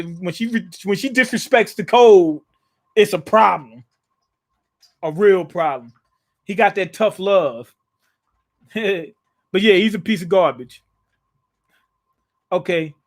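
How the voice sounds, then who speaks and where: A man with a high, expressive voice hosts a live manga reaction at a measured pace, pausing often. Reading scenes aloud, he paraphrases them in relaxed slang, restarting frequently and chuckling along the way.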